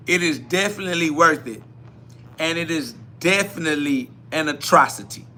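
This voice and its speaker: A man hosting a live spiritual self-talk podcast, preaching in a repetitive style that swings from quiet musing to loud emphatic bursts. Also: a little high, lively intonation, normal speed, slight background noise. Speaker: podcast host.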